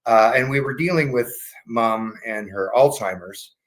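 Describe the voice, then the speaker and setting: A middle-aged man from Canada telling a casual family story in an animated way, swearing casually and acting out the voices he quotes. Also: medium pitch, a little slow, poor audio. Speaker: guest telling a patient story.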